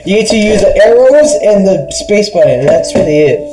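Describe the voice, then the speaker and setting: A young man casually commenting on his gameplay, crude and excitable, swearing and shouting at failures. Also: high voice, brisk, very noisy. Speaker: gaming channel host.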